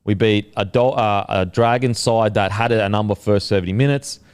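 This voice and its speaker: An Australian man hosting a casual podcast chat, jokey and quick with asides. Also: lowish voice, smooth. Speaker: podcast host. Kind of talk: casual chat about football tips.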